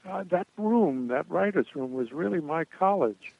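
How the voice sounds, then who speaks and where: A man's voice: fairly high pitch, expressive, normal speed, vocal fry, no room sound. An older man, a guest in an interview, telling stories in a rambling way and chuckling now and then. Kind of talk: anecdotal storytelling interview. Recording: tinny phone-like line, dry.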